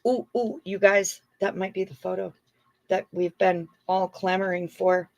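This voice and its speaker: A middle-aged woman hosting a casual livestream, chatting warmly with viewers and reading their comments aloud. She talks at an unhurried, slow pace, gushing and effusive, with a voice of ordinary pitch. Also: little pitch movement, gravelly. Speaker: livestream host. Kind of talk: casual chat with live viewers.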